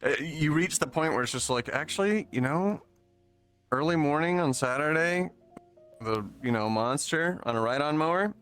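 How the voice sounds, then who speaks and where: A man's voice: a little high, animated, normal speed, fairly bright tone. A man speaking as a guest makes wry jokes at his own expense, his voice leaping upward as he gets into a bit. Faint music sits behind him. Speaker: guest developer. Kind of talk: casual chat.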